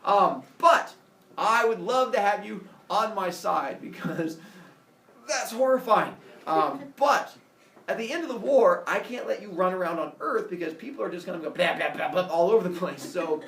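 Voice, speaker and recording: A man voicing the god Zeus as a boastful, excitable young ruler, talking loud and high and breaking into laughter. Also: normal speed. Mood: excited. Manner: shouting, laughing, high-pitched. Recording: roomy, distant, faint noise.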